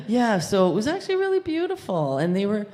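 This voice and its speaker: A woman in her sixties speaking up from the congregation, sharing a personal story in a chatty way and laughing often. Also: mid-range voice. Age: 60s. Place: church hall. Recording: long reverb of a hall.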